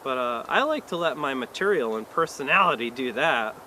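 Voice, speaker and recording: A man doing a stand-up comedy set in an awkward, hesitant, deadpan way, with lots of fillers. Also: medium pitch, brisk, a little hiss or hum. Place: live comedy venue.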